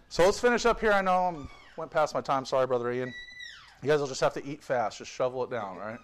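A man's voice: mid-range voice, lively intonation, fast talker, a little hiss or hum. A man preaching a sermon with fervor, reading scripture and adding joking asides. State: tired. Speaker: visiting pastor.

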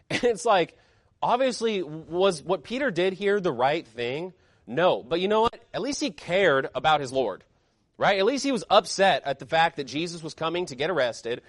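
High-voiced fiery male preacher. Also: animated, normal speed, dry recording, clean studio sound. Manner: emphatic, fiery preaching with rhetorical questions. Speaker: pastor. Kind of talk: sermon.

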